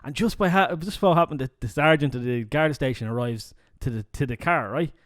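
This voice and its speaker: A man with a Dublin Irish accent, co-hosting a podcast in casual chat, emphatic and animated, often tagging "right?". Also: a little high, a little fast. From Ireland. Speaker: podcast co-host. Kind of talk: casual chat, telling jokes.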